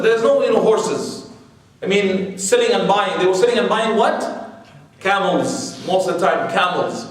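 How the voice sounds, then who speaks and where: Before a live audience in a large room, an Islamic lecturer with a high voice covers religious history in a chatty, digressive way, with plenty of "you know" and rhetorical questions. The sound is very echoey, recorded from a distant mic.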